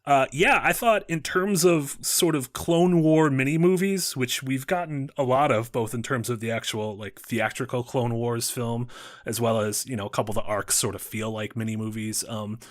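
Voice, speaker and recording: A man's voice: medium pitch, moderate pace. A man hosting a casual panel discussion, upbeat and conversational as he steers the talk. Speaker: show host.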